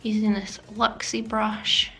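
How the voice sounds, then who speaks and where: A woman talks through a makeup tutorial in a chatty, self-deprecating voice-over, her voice carrying some vocal fry at a middle pitch. She slips into near-whispers now and then, and light music plays faintly beneath her. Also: little pitch movement, slow pace, bright, forceful tone. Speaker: beauty vlogger. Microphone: voice-over mic.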